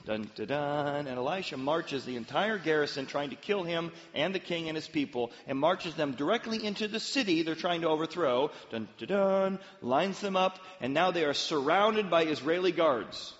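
Animated male preacher in a hall. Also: fairly high pitch, moderate pace, few pauses. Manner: animated, dramatic storyteller. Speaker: pastor. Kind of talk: sermon storytelling. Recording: dull, long-reverb hall sound.

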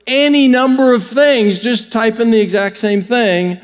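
A man's voice: a little high, animated, moderate pace, few pauses. A male pastor giving a conversational sermon, joking with his congregation in a church with long hall reverb.

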